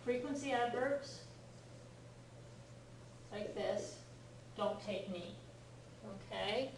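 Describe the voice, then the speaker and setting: Patient teacher explaining in an echoey classroom. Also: female voice, a little high, very slow, recorded from a distance, a little hiss or hum. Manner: patient, explanatory, checks understanding often. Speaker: Japanese language teacher. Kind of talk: classroom lecture. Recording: echoey classroom recorded from afar.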